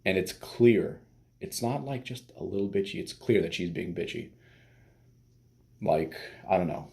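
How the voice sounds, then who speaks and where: A man with a very low, gravelly voice and a dark tone gives dating advice in a casual monologue. He talks bluntly and swears freely. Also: a little slow. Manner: blunt and profane, with many fillers. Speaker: dating coach.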